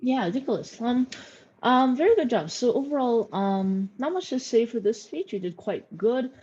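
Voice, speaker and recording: Woman judge giving chill feedback, husky mellow voice, muffled call audio. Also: a little high, moderate pace. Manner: relaxed, advice-giving, many fillers. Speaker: speech tournament judge. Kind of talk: casual spoken feedback.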